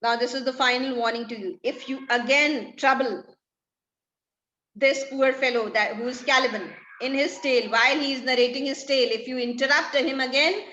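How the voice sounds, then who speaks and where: A woman's voice: sits high, steady tone, moderate pace, sharp tone, reverberant, muffled recording. A woman voicing a bossy man who gives a stern final warning in plain words.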